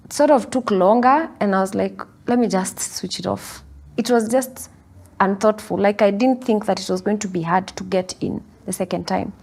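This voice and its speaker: A woman telling a personal spiritual testimony, earnest and storytelling, acting out her own past words. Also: medium pitch. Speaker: devotee sharing testimony. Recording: soft guitar music underneath.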